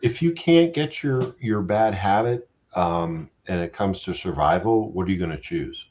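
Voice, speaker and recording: A man's voice: sits low, animated, normal speed, darkish tone. A middle-aged man hosting a casual live-stream chat, blunt and profane, joking around. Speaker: host.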